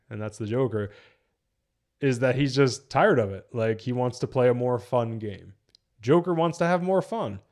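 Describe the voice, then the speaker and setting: A young man from New Jersey casually reviewing on a live stream, animated, swearing and laughing often. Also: medium pitch.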